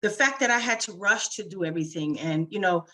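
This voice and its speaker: A woman's voice: mid-range voice, a little fast, pushed and bright, poor audio. A woman business founder telling her story in a casual interview, chatty and full of "you know" fillers. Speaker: small business founder, guest.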